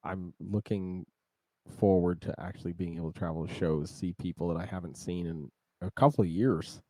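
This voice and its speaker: A man's voice: low voice, normal speed, mellow, no echo, clean studio sound. A man co-hosting a podcast in casual chat, laid-back and laughing easily. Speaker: podcast co-host.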